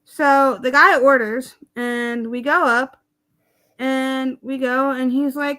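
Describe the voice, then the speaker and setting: A woman chatting casually on a livestream and telling a story in an animated, exasperated way. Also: high-pitched, slow, clear, resonant tone. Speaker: live streamer.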